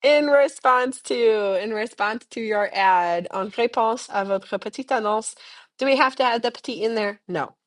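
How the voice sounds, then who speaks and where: A young woman leads a recorded French lesson with patient, chatty explanations in English. She says each model phrase slowly and with careful enunciation, leaving space for students to repeat it. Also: on the high side. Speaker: French teacher. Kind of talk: recorded language lesson, repeat-after-me drills.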